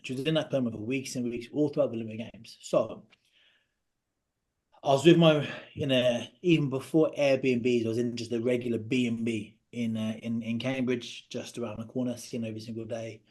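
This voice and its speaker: Man in his 30s as podcast guest, earnest personal story, halting delivery, often drops quiet, mid-pitched voice. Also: steady tone. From Britain.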